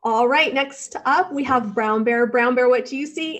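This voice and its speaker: A young adult woman, a librarian, reads a picture book aloud to children from home in an animated, expressive manner. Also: on the high side, moderate pace.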